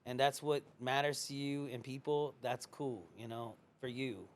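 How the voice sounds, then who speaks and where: Guy rambling on a podcast, jokey, swears a bit, mid pitch. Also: unhurried, a little hiss or hum. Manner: relaxed, rambling, joking, swears. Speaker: guest. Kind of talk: casual chat.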